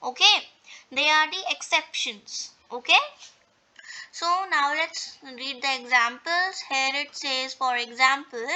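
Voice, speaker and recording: A woman's voice: sits high, bright, forceful tone, poor audio. A woman teaching French pronunciation rules in an online lesson, explaining step by step with many repeats and fillers. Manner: explains slowly with repetition and fillers.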